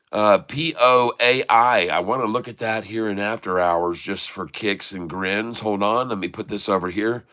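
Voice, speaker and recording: Bright-voiced American stock streamer. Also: male voice, fairly low pitch. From United States. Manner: joking, folksy, addresses viewers as folks. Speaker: stock market livestream host. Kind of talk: casual livestream chat.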